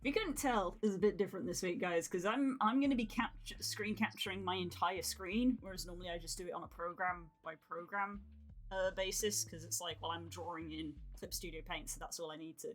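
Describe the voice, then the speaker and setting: A woman's voice: fairly low pitch, brisk. A woman streaming an art session, chatting casually and giggling often.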